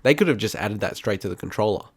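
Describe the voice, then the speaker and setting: A man's voice: fairly low pitch, lively intonation, quick pace, slightly rough, dry recording. A man co-hosting a podcast, arguing his point in casual chat and laughing often. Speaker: podcast co-host.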